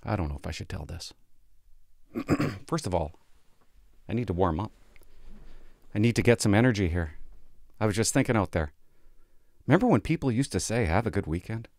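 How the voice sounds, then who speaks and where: A man's voice: on the low side, animated, moderate pace, gravelly, pauses often, darkish tone, dry recording, clean studio sound. A man, a police officer telling work stories in a blunt, sarcastic, profane casual vlog from a sparse home office.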